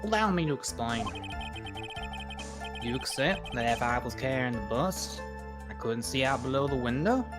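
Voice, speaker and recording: A composed male acrobat witness, voiced by a streamer in a fan game read. His put-on southern accent wanders toward Australian. Game music plays clearly behind him. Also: mid-range voice, lively intonation, normal speed, long pauses, lightly acted. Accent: put-on southern drifting to Australian. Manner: slips in and out of the accent.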